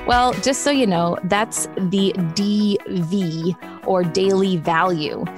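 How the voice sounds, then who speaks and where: Chatty, animated woman host. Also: mid-range voice, takes it slowly, soft background music. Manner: chatty, animated, laughs often. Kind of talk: casual podcast chat.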